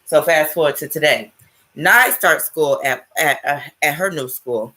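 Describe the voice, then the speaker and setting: A woman's voice: sits low, normal speed, bright, forceful tone. A woman in her thirties telling a personal story straight to camera, emphatic and salty, checking in with listeners after nearly every phrase. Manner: emphatic, checks in with frequent "right?" and "okay?"; swears casually. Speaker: spiritual vlogger.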